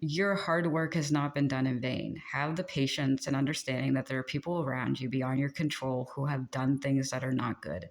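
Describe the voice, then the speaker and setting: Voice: medium pitch, fairly even intonation, normal speed, few pauses. A host giving a casual channeled spiritual pep talk, chatty and rambling, laughing often and venting frustration. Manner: chatty and rambling, with many fillers and frequent laughs; exasperated and venting.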